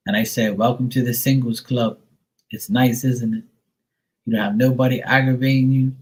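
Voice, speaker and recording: A man's voice: mid-range voice, fairly even intonation, moderate pace, a little mellow, poor audio. A middle-aged man hosting a live stream, telling a rambling story to viewers, swearing often and full of fillers. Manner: profane, rambling, filler-heavy; mimics others in a raised voice.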